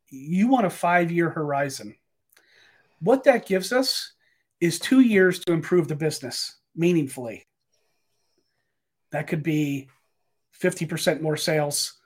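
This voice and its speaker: A man who works as a business coach, explaining things step by step in a casual interview. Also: on the high side.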